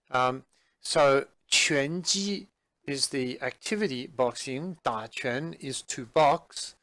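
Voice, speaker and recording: A man teaching a vocabulary lesson in an unhurried way, with many fillers and restarts as he explains each word. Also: medium pitch, pushed and bright, no echo. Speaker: Chinese language teacher.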